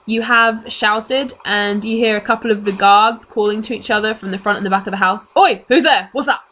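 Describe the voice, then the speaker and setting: A woman's voice: mid-range voice, flat delivery, brisk, bright, forceful tone, rough recording. A woman, narrating casually as the game master of a tabletop game. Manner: casual, chatty, laughs often.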